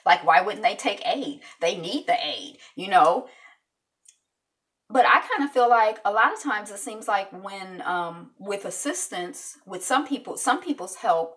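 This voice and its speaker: A woman's voice: mid-range voice, a bit bright, recorded from a distance. Rambling woman chatting about the news. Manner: conversational, rambling, many fillers and asides. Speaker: host commenting on news. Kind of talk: casual news commentary monologue.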